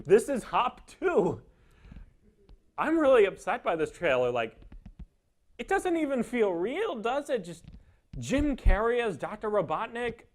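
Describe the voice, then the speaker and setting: A young man co-hosting a campus TV show, reviewing a trailer with sarcastic, incredulous remarks. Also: high voice. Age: young adult. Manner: sarcastic, incredulous, laughing asides. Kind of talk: mocking film review chat.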